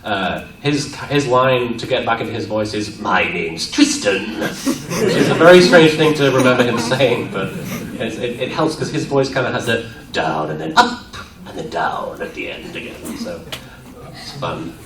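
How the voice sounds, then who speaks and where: A man answering fan questions at a convention panel, animated and playful, laughing often. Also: medium pitch, normal speed. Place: convention room at a university. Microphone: audience camera from far off. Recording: echoey room, far off, crowd around.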